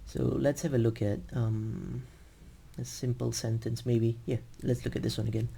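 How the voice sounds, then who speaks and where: A man teaching English over a video call, explaining patiently and slowly with frequent ums. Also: mid-range voice, level tone, creaky, warm tone, a little hiss or hum. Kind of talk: screen-share teaching demo.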